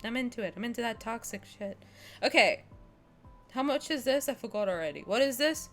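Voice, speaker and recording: A woman streaming a game, talking casually with her chat, swinging from loud squeals to quiet mutters. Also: fairly high pitch, animated, fairly quick, faint music behind.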